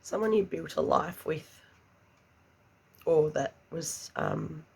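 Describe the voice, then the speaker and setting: Soft-spoken woman giving a gravelly tarot reading. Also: deep voice, huge pitch swings, slow. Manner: hushed, emotional, often near a whisper. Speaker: tarot reader.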